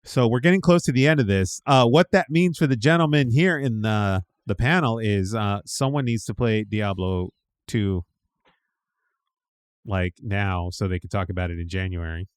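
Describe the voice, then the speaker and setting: A man's voice: on the low side, normal speed, smooth, dry recording, studio quality. A man hosting a casual gaming podcast, talking loosely with lots of fillers. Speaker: podcast host.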